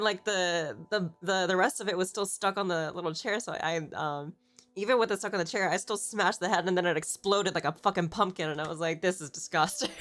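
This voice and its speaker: A woman's voice: fairly low pitch, fairly bright tone. A woman streamer chatting casually, rambling through a story, swearing freely and laughing often. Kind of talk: casual chat.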